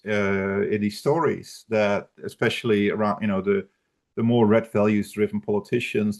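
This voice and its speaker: A man fields questions over a video call, his voice sitting on the low side. He talks in a halting way, restarting sentences and leaning on fillers as he works through his points. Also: gravelly, darkish tone. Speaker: presenter. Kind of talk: live online talk Q&A.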